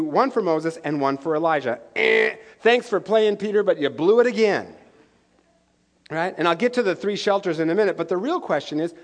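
A pastor preaching a lively, conversational sermon, joking and asking "right?" often. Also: male voice, high-pitched.

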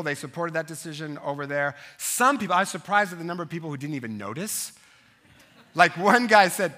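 Bright-voiced male pastor preaching. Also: fairly high pitch. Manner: animated storytelling, asides to the congregation. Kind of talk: sermon.

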